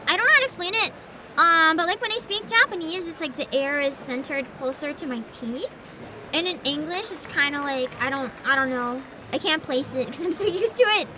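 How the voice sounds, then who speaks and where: A woman streaming a game and chatting casually as a voice actor, laughing and swearing freely. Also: high voice. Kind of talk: casual live-stream chat.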